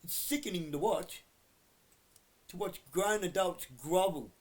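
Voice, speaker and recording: A man giving a blunt, heavily profane rant to camera that keeps flaring into shouting. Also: sits high, unhurried. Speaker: vlogger.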